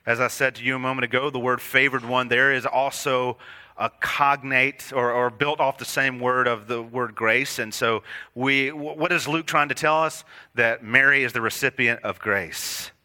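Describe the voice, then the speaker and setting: A man preaching a sermon to his congregation, earnest and direct, building to emphatic peaks and dropping to quiet lines. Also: medium pitch, fairly even intonation, moderate pace. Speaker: pastor.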